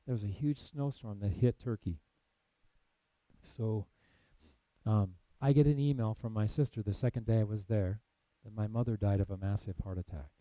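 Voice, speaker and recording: A man recounts his faith testimony in a deep, warm, mellow voice. He tells it earnestly, with plenty of "uh" and "you know." The sound is dry and close, with no room around it. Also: no echo, low-quality recording. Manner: earnest storytelling, reenacting conversations with many fillers. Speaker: missionary ministry leader. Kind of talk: personal faith testimony storytelling.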